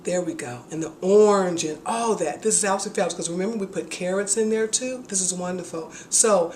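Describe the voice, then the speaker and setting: A woman's voice: medium pitch, brisk, hardly any pauses, a little mellow, slight background noise. A woman hosting a casual home cooking video, chatty and enthusiastic as she demonstrates a recipe in her kitchen. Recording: echoey kitchen with dish clatter.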